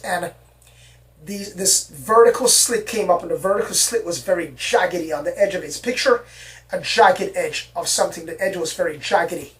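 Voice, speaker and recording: An excitable storyteller who rambles through a personal account and keeps repeating words. The voice sits at middle pitch and sounds somewhat far from the mic. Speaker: storyteller recounting an alien encounter. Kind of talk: casual spoken storytelling.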